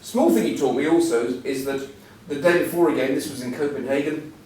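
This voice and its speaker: A man's voice: mid-range voice, a little fast, darkish tone. Man in his sixties telling stories in an echoey hall. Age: 60s. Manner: self-deprecating, humorous storytelling. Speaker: guest speaker. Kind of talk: anecdotal after-dinner talk. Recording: echoey hall, mic at a distance.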